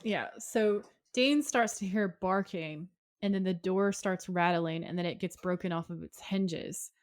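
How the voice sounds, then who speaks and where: A woman's voice: fairly low pitch, a little slow, dry recording, clean studio sound. A woman co-hosting a podcast, retelling a TV episode scene by scene in casual chat and acting out the quotes. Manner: animated retelling, acts out quotes. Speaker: podcast co-host.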